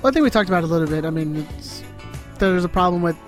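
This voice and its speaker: A man hosting a casual podcast chat in a relaxed, rambling way. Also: high-pitched, very fast, soft background music. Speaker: podcast host.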